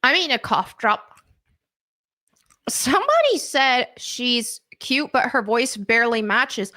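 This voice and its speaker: High, bright-voiced woman streamer. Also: big pitch swings, unhurried. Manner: blunt and indignant, with frequent fillers. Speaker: livestream host. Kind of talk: casual livestream commentary, reading chat.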